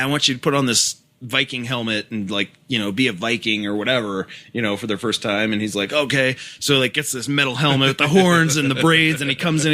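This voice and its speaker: Bright-voiced man chatting on a podcast. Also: medium pitch. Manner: animated, quick to laugh, talks over others. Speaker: podcast co-host. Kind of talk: casual chat.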